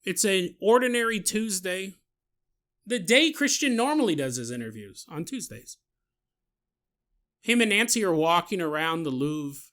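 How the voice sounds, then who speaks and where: A man's voice: high voice, sing-song, a little slow, long pauses, a bit bright. A man hosting a podcast, telling a story in a comedic, jokey way and laughing at his own asides. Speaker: podcast host.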